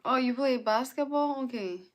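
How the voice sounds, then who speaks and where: A woman's voice: sits high, normal speed. A young woman hosting a casual live stream, chatting, greeting viewers by name and answering their comments. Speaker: livestream host.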